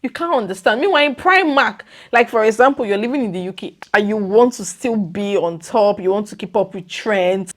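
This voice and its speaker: A young woman vlogging casually to her viewers, animated and exclamatory, her voice leaping up when she makes a point. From lives in the UK. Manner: animated and exclamatory, leaps up in pitch when emphatic. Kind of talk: casual vlog chat.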